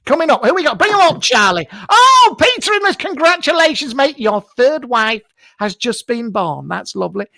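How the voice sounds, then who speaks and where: A man's voice: very high voice, sing-song, moderate pace, vocal fry, dry recording, exaggerated voice. Man doing Clinton Baptiste, brash camp psychic. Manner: blunt, rude, mock-mystical, shouts greetings. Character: brash, camp middle-aged male TV psychic. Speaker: host of a live psychic show. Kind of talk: comic improvised live stream. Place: home garage.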